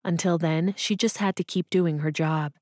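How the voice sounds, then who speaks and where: Brief: woman audiobook narrator, calm and even, lowish voice, very dry close recording. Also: normal speed, no echo. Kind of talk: scripted narration.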